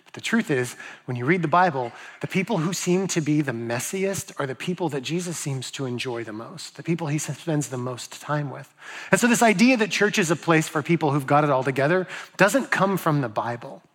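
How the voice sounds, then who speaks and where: A man's voice: a little high, expressive, brisk, fairly bright tone. A man preaching a sermon as a pastor, talking in a loose, joking, storytelling way and putting questions to his audience.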